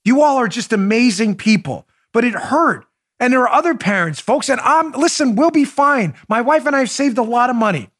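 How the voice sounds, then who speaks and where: A middle-aged man from New York delivers heated political commentary in a fairly high voice. He stacks sarcastic rhetorical questions with indignant force. At times he turns soft and confiding with his listeners. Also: expressive, moderate pace. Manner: swings to soft, confiding asides. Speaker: podcast host.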